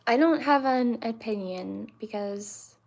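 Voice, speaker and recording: A woman in her twenties hosting a livestream, chatting with viewers and answering them with many pauses and fillers. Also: fairly high pitch, a little mellow. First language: English. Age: 20s. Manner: hesitant, many fillers and restarts. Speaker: livestream host.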